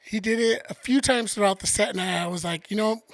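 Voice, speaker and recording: A man's voice: high-pitched, brisk, creaky, fairly bright tone, no echo. A man co-hosting a podcast, telling a story in laid-back casual chat with casual swearing. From United States. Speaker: podcast co-host.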